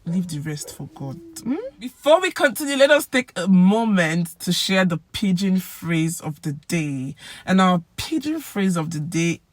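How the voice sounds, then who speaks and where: A woman with a Nigerian accent giving a casual language lesson, acting out example phrases with lively swings in pitch and loudness. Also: measured pace, hardly any pauses, dry recording. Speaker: language teacher.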